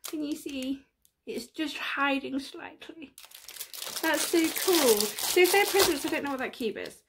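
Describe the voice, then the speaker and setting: A woman's voice: high voice, a little slow. A woman giving casual unboxing commentary, gushing and often gasping with delight. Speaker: unboxing vlogger. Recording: plastic crinkling noise behind.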